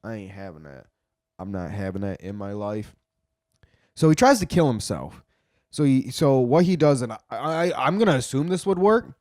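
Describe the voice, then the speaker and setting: A man's voice: mid-range voice, lively intonation, normal speed, darkish tone, dry recording. Profane rambling man, dry close sound. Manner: profane, rambling, with frequent restarts. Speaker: commentator. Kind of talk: casual retelling commentary.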